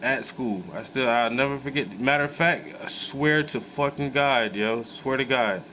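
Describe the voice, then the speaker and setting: Man, AAVE, casual profane storyteller, mid pitch, faint air-conditioner hum behind. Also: normal speed, rough recording. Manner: animated, profane, laid-back storytelling with many fillers. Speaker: host.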